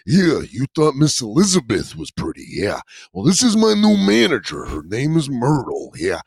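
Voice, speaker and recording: A man's voice: mid-range voice, wildly swooping pitch, vocal fry, a little mellow, husky, dry recording, studio quality, heavily acted. A man putting on the voice of a hyped-up pro wrestler who growls "yeah" between lines. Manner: growled hype with drawn-out "yeah". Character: gravelly pro wrestler impression, male, hyped.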